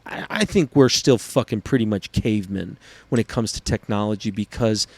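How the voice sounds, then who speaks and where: A man hosting a casual podcast, telling stories in an animated, profane way. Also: fairly low pitch, moderate pace, husky, no room sound. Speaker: podcast host. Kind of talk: casual chat.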